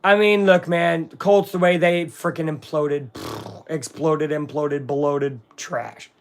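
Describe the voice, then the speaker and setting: Man, high voice, casual live sports commentary, excitable, grumbling asides. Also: takes it slowly. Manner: excitable, swings between hype and grumbling. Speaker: live-stream sports watch-along host.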